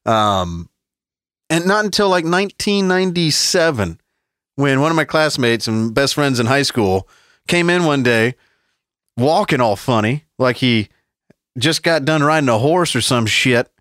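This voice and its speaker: A man's voice: medium pitch, unhurried, dry recording, studio quality. A man in his forties, a podcast co-host, telling stories in casual, profane chat with frequent laughs. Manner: profane, animated storytelling with laughs.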